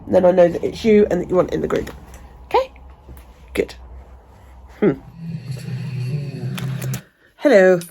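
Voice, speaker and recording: Gravelly, low-voiced woman ranting. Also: animated, unhurried, pauses often, mellow. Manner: chatty, ranting, swears freely. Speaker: vlogger. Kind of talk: casual chat.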